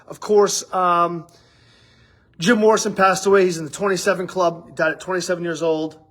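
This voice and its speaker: A man's voice: high voice, steady tone, moderate pace, a bit bright. A man hosting a daily livestream, chatting loosely and rambling, with casual swearing. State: out of breath after running. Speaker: livestream host. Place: studio office with window.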